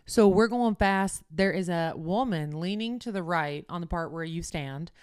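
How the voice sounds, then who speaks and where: A woman's voice: lowish voice, moderate pace, clean tone, no room sound, clean studio sound. A woman co-hosting a podcast, telling stories animatedly and acting out what people said in casual chat. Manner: animated storyteller who reenacts conversations. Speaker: podcast co-host.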